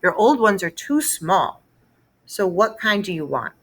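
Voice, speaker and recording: A woman's voice: medium pitch, big pitch swings, a little slow, a bit bright, exaggerated voice. A woman voicing a fussy, worried mother who frets and scolds. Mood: firm. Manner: fretful, scolding.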